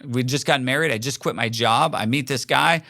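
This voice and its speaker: Bright-voiced middle-aged man, rambling chat. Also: mid-range voice, brisk, gravelly, dry recording, studio quality. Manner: rambling, conversational, acts out quoted voices. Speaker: podcast host. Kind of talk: casual solo monologue.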